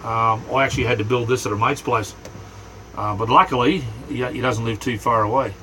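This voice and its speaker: A middle-aged Australian man hosting a casual livestream from inside his small camper, rambling in a relaxed way and greeting viewers by name. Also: medium pitch, fairly quick, a little hiss or hum, low-quality recording. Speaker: livestream host.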